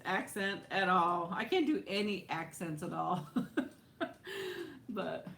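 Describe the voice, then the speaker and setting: A middle-aged woman hosting her own live stream, answering viewers' questions in a loose, rambling way and breaking into laughs. Her voice sits fairly low for a woman, and a faint hiss runs under it from a home webcam or phone mic. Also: slow, creaky, a bit bright. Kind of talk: casual live-stream chat.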